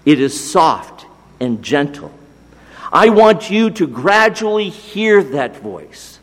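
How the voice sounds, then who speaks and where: A man preaching a sermon, slow and deliberate, dropping to a hush on key phrases. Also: high-pitched. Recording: long hall reverb.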